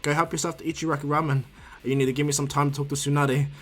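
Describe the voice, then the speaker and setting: A man's voice: fairly high pitch, level tone, rapid-fire, lightly acted. A man voicing a jolly old mentor ninja who teases his student in a hearty way. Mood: fond. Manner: hearty, teasing.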